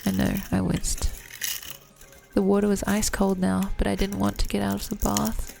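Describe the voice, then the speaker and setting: Gravelly woman reading a story. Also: moderate pace, soft background music. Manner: even, low-key first-person narration. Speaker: reader. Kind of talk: reading romance fiction aloud.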